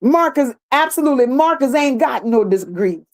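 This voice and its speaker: A woman's voice: sits high, lively intonation, slow pace. A woman hosting a livestream, reading viewer comments aloud and answering them bluntly, with sassy repeated phrases. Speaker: livestream host.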